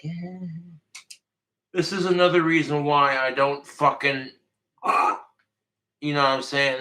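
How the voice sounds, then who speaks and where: A man ranting on a livestream while drinking, profane, tipsy and breaking into loud shouted outbursts. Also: mid-range voice, poor audio. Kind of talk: drunken rambling livestream.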